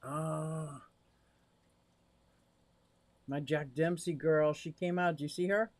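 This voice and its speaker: A chatty, excitable man livestreaming from his home fish room into a directional mic, talking to viewers while fiddling with his gear. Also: fairly high pitch, slow pace, no echo. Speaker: aquarium hobbyist livestreamer. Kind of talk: casual live stream chat to viewers. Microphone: directional microphone.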